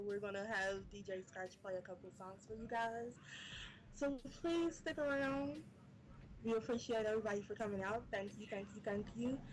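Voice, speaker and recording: A woman's voice: fairly high pitch, rough recording. Woman host, hesitant and giggly, faint noise behind. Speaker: event host. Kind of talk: event announcement.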